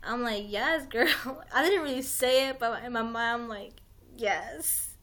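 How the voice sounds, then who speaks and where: Young woman streamer, fairly high voice, loose rambling delivery with lots of "like" and restarts. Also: normal speed, a bit bright. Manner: rambling, heavy use of "like", frequent restarts, swears. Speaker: livestream host. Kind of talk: casual rambling chat.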